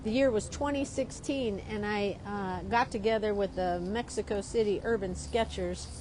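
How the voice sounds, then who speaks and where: A woman from Chicago, a drawing teacher, telling a story in a lively, chatty way while she draws. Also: medium pitch, normal speed, noisy background. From Chicago, USA. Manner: lively, keeps asking "right?".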